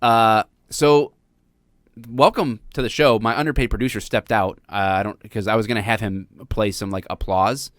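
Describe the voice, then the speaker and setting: A man's voice: lowish voice, fairly even intonation, normal speed, no echo, studio quality. An American man hosting a live-streamed talk show, chatting casually and jokingly with plenty of fillers. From United States. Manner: rambling, jokey, lots of fillers.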